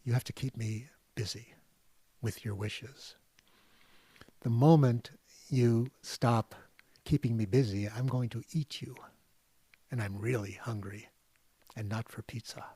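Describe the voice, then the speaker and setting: A man doing a quiet, menacing hungry genie. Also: fairly even intonation, unhurried, long pauses, slightly rough, dry recording. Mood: ominous, terse. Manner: low, quiet and clipped. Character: menacing hungry male genie, tattooed, terse.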